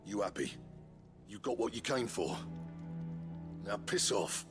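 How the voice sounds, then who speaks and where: An actor playing a gruff, proud older blacksmith in a video game, blunt and grumbling. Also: male voice, fairly low pitch, expressive, a little slow, over music. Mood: irritable. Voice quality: gravelly, growling.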